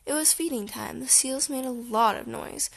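Brief: woman audiobook reader, gravelly, fairly high, soft storybook delivery. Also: moderate pace. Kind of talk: children's story read aloud.

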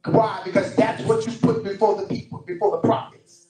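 A male preacher giving an animated sermon, full of storytelling and repeated phrases. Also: sits high, moderate pace, faint music behind. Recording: roomy distant church recording.

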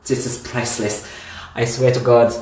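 Here a man from France, French-accented, leads a live-streamed line dance class at home, calling out the step counts in an effusive, talkative manner. The voice is medium-pitched, level, and darkish, delivered at a normal speed, recorded with a distant mic and roomy echo.

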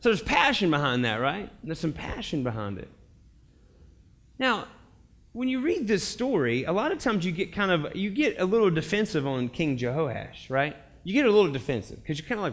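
A young pastor preaches in a casual, chatty way, slipping into little acted-out quotes and laughing along with his own stories. His voice is bright and forceful, sitting a touch high for a man, and he talks to a church congregation. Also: moderate pace. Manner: animated storytelling, acts out quotes, laughs often. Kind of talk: casual conversational sermon. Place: church sanctuary.

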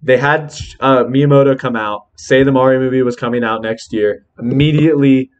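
Young guy, podcast host, mid-pitched, excitable and rambly. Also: normal speed, highs cut off. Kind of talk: casual podcast chat.

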